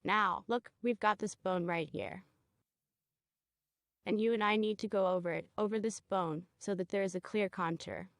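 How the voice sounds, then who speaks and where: A woman's voice: medium pitch, fairly even intonation, moderate pace, no echo, clean studio sound. Woman coaching a cosmetology student. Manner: coaching a student step by step, checking in with short questions. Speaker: cosmetology instructor. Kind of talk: hands-on training demonstration.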